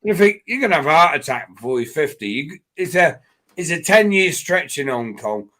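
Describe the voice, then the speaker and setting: A man's voice: fairly high pitch, big pitch swings, normal speed, pushed and bright. A man co-hosting a casual pub-style chat, swearing freely as he rambles through travel anecdotes. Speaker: podcast co-host.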